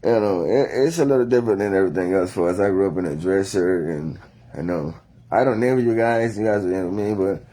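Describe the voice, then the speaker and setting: A man's voice: low voice, brisk, dark tone. A man talking to the camera in a loose, meandering monologue full of slang and cursing, after a few drinks. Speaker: vlogger. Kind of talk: rambling casual monologue.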